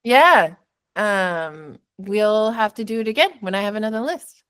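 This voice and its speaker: A woman's voice: mid-range voice, measured pace, clean tone. A woman hosting a podcast, chatting casually and animatedly about a movie, often laughing. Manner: animated, laughing, mocking voices. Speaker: podcast host. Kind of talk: casual chat.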